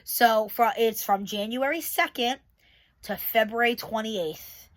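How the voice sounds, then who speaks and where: A woman's voice: fairly high pitch, unhurried. A woman who is a special education teacher, giving a casual, candid channel update and talking straight to her viewers. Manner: candid, rambling, talks to viewers directly.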